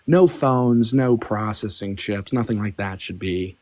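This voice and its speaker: A man with a low voice gives blunt, confident takes. His voice sounds dry and close, with no room around it. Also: measured pace, a little mellow, dry recording. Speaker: debate guest. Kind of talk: casual political debate.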